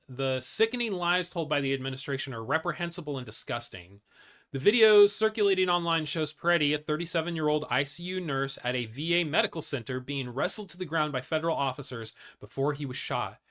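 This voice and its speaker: A man's voice: a little high, fast talker, bright, forceful tone. A man hosting a casual news commentary show, reading articles aloud with blunt, profane asides and many fillers and restarts.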